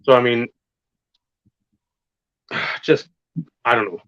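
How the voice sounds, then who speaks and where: A male podcast co-host talks wrestling slowly in a smooth, mid-range, fairly bright voice, rambling, swearing often and leaning hard on his points. The lo-fi recording sounds dull and has no room sound.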